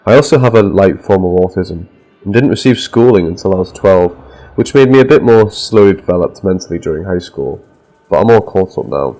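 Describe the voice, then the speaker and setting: A man reading a first-person horror story aloud as a scripted narration, with a steady, measured delivery. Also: deep voice, soft background music, low-quality recording.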